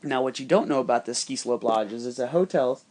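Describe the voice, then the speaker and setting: Brisk and mid-range in pitch, a man on a podcast tells a rambling personal tale in a casual monologue. Profanity flows constantly as he animatedly quotes and imitates other people.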